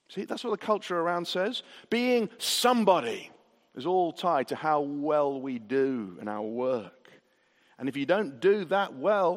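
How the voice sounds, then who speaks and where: Brief: male pastor, sermon, earnest and repetitive, fairly high pitch, reverberant church hall. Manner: earnest, rhetorical questions and repetition.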